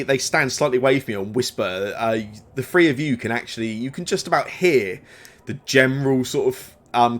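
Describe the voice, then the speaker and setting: A man narrating as game master in a tabletop game, pausing often and restarting his sentences as he describes the scene. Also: medium pitch. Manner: hesitant, many fillers and restarts.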